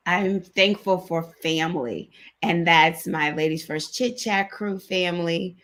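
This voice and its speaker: A woman's voice: on the low side, a little slow, a bit bright. A woman co-hosting an online talk show, speaking in heartfelt casual chat, sincere and emotional, repeating herself as she goes. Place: video call.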